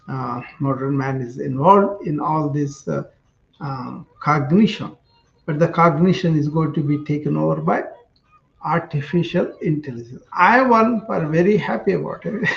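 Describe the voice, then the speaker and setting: A man casually telling a spiritual story in an unhurried, reflective and halting way, as the host of a wellness tips series. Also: fairly high pitch, creaky, echoey room, highs cut off.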